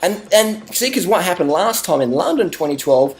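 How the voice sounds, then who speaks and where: A man's voice: sits high, big pitch swings, moderate pace, hardly any pauses, faint music behind. An Australian man rambling through a sarcastic, mock-serious vlog rant with plenty of swearing. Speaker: vlogger.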